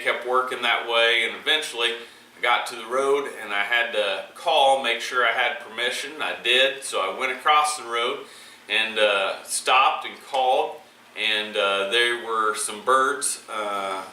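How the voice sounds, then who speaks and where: A man's voice: medium pitch, bright, forceful tone, roomy sound, far from the mic, a little hiss or hum, rough recording. A man hosting a hunting channel, recounting his hunt in a casual, rambling way with plenty of fillers and restarts. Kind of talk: casual storytelling recap.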